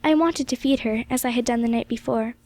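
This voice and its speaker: A woman reading a classic novel aloud as an audiobook, in gentle, measured storytelling narration. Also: fairly high pitch. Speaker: audiobook reader.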